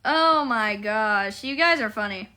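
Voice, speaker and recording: A woman's voice: on the high side, animated, measured pace, pushed and bright. A woman live streaming, chatting casually with her viewers in a playful, giggly way.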